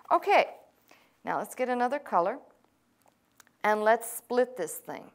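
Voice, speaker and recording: A woman pastor giving a classroom-style lesson, mid-pitched and steady. She explains things patiently and pauses with fillers while she writes on a board. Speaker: pastor teaching Hebrew. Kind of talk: classroom lecture.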